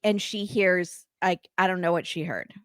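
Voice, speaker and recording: A woman's voice: lowish voice, moderate pace, smooth, no room sound, clean studio sound. A woman co-hosting a casual chat about a reality show, with wry, sarcastic commentary. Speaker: podcast co-host.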